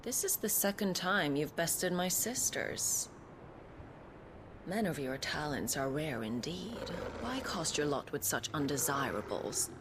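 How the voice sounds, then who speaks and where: A woman's voice: deep voice, very animated, a little slow, background noise. A woman voicing a scheming, mocking winged villainess in a game cutscene, speaking in a taunting, haughty way. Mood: seductive.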